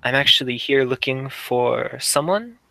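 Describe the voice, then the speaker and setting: Give me a man playing a gracious older mother, soft-spoken and polite. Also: mid-range voice, animated, measured pace, gravelly, no echo, pitched above the performer's own voice, exaggerated voice, poor audio.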